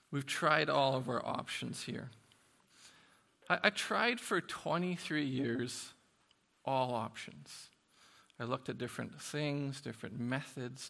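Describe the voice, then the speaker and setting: A man preaching a sermon in an animated, conversational way, swinging from soft asides to loud bursts. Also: medium pitch, vocal fry. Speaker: pastor.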